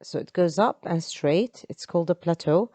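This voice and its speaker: A woman's voice: fairly low pitch, expressive, normal speed, warm tone, no room sound. A woman, an English teacher explaining step by step in an online lesson. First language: Arabic.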